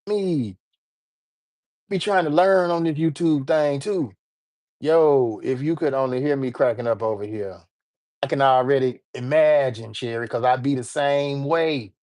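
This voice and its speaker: A man's voice: medium pitch, a little mellow. An American man with an American accent, hosting a casual livestream in a laid-back, slangy, rambling way. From United States. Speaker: livestream host.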